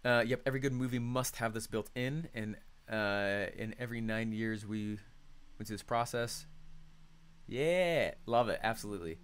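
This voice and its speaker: A man's voice: on the low side, normal speed, smooth. A man leading a live online coaching call, talking energetically and conversationally and reacting to chat comments.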